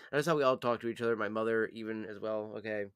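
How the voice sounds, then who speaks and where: A man's voice: fairly low pitch, fairly even intonation, racing, smooth, no echo, clean studio sound. A young man, hosting his channel, chatting casually, laughing often and swearing freely. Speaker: channel host. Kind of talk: casual chat.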